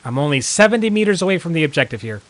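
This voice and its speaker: A man's voice: on the high side, very animated, racing. A man streaming a video game and chatting casually, rambling through thoughts with lots of filler words and reacting jumpily to surprises. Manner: rambling, heavy use of "like" fillers. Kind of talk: casual gameplay commentary.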